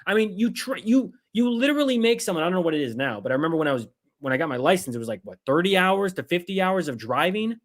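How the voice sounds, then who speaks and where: A fairly high-voiced man on a livestream, ranting hotly. He curses freely and slips into mocking impressions of the people he attacks. The delivery is fired up and scornful. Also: lively intonation, fast talker. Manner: heated, swearing, sarcastic mimicry. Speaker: political commentary host. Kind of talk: angry livestream rant.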